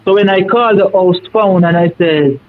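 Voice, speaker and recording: A man's voice: sits high, moderate pace. A man with a Jamaican accent calling in, telling a rambling, emphatic story in a folksy way. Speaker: caller. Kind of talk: casual storytelling on a live call. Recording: tinny dry phone line.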